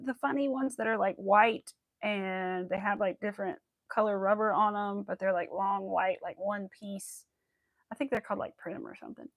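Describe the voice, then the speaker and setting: A woman's voice: mid-range voice, creaky, dry recording. A young adult woman hosting a crochet livestream, chatting casually and rambling with lots of filler words. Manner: laughs often and greets viewers. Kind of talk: casual chat while crafting.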